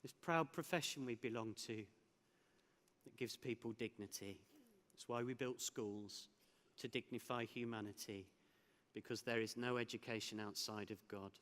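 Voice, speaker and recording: Giving a keynote in a large conference hall with long reverb, a man shares a personal story, laughing and restarting along the way. He speaks at a normal speed in a medium-pitched, slightly bright voice.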